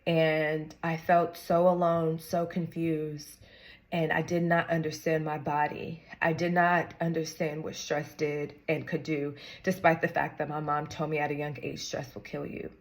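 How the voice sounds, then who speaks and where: A woman's voice: low voice, little pitch movement, measured pace. A young woman talking earnestly to camera, encouraging viewers with casual slang. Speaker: vlogger sharing a personal story. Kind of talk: heartfelt talk to camera.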